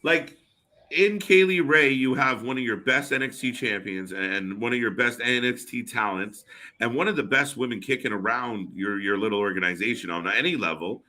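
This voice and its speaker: A man co-hosting a live wrestling watch party stream, chatting casually with fillers and quick reactions. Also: medium pitch, pushed and bright.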